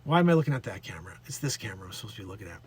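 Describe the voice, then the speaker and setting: A man's voice: on the low side, big pitch swings, rapid-fire, darkish tone, breathy edge. A man hosting a comedic news show, reading stories and riffing in a rambling, self-interrupting, mocking way.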